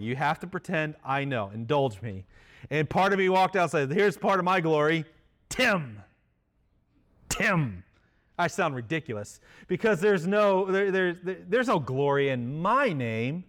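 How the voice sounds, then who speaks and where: Conversational pastor with a higher-pitched voice. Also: male voice. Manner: conversational, self-deprecating humor. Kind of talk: sermon.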